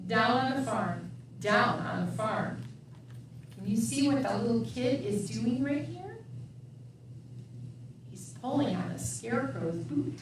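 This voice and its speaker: A woman's voice: on the high side, animated, takes it slowly, long pauses, recorded from a distance, slight background noise. Sing-song woman reading aloud in an echoey room. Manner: sing-song, animal sounds, asks children questions. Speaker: children's librarian. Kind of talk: storytime read-aloud.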